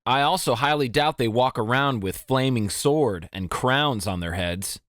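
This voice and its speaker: A man's voice: medium pitch, a little slow, fairly bright tone, no room sound, studio quality, pitched above the performer's own voice, close to an everyday voice. A man doing a teasing teenage girl.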